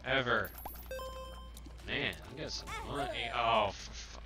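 A man's voice: fairly low pitch, lively intonation, a little slow, music in the background. Tired, cursing man streaming a game. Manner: frustrated, swearing at the game. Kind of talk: live gameplay commentary.

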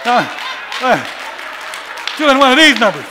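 A man preaching a sermon, telling a personal story with laughs and sudden shouts. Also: extremely high pitch, very animated, a little slow, in a large hall, some chatter behind, slight background noise.

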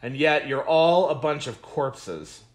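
A man's voice: on the high side, animated, takes it slowly. A man teaching a Bible study as pastor, preaching emphatically in a repetitive cadence and reading scripture aloud with comments.

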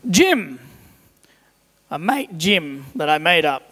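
A young man preaches a sermon, telling everyday stories and briefly putting on the voices of the people in them. His voice sits high for a man. He was recorded in a large church hall, and a long echo trails after his words. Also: sing-song, slow pace, a bit bright.

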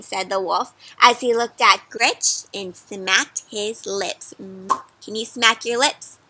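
A woman's voice: mid-range voice, slow, background noise. A woman doing an interactive read-aloud for children, stopping often to ask them questions. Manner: asks children questions, animated. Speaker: storyteller.

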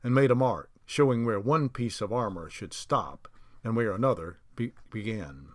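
A man narrating a novel aloud, reading unhurried with small slips and restarts. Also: on the low side, dry recording, studio quality. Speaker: audiobook narrator.

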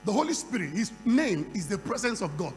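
A man preaching a sermon at a conference, moving from quiet storytelling to loud shouting. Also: sits high, sing-song, a little fast, soft background music. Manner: acts out dialogue in a conversational storytelling voice. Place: large conference hall. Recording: reverberant hall with faint hum.

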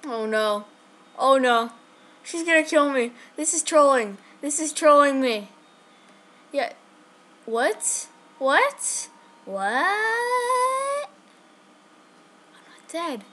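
High-voiced woman narrating her gameplay. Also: measured pace, long pauses. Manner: chatty, excitable, addresses viewers. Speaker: gaming channel host. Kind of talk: live game commentary.

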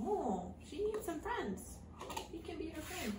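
With a very high, slightly mellow voice that swings widely in pitch, a woman reads a storybook aloud unhurriedly to young children she's teaching English. She poses patient, simple questions, and the recording is echoey, distant from the mic, with faint noise.

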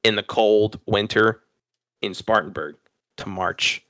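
Bright-voiced young man rambling. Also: on the low side, slow pace, no room sound, studio quality. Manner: rambling, profane, laughs at himself. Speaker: podcast host. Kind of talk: casual storytelling chat.

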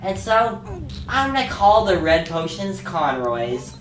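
Woman, let's play commentary, chatty, low unhurried voice, echoey room, game music behind. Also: background noise. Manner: chatty, talks to herself, bursts into excited yelps. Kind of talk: casual gameplay commentary.

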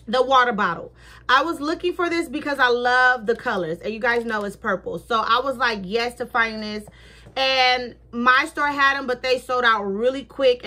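A woman's voice: high-pitched, sharp tone. A middle-aged woman, chatting effusively in a casual haul video and thanking her viewers. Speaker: vlogger.

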